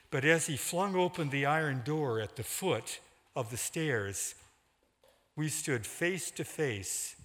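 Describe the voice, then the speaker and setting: Slow dramatic male storyteller. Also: medium pitch, fairly bright tone. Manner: measured, dramatic reading. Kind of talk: reading a story aloud. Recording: long hall reverb.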